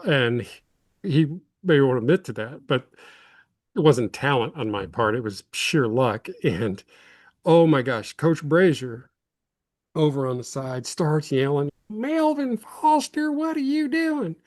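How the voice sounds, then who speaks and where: A man's voice: mid-range voice, measured pace, a little mellow, dry recording. Self-deprecating middle-aged storyteller man. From Illinois. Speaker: guest, former college football lineman. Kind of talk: casual interview storytelling.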